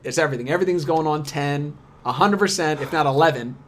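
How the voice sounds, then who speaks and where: A man's voice: a little high, quick pace. A young man hosting a podcast, chatting casually and expressively with his guest. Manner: expressive, laughing, animated delivery. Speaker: podcast host. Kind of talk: casual chat.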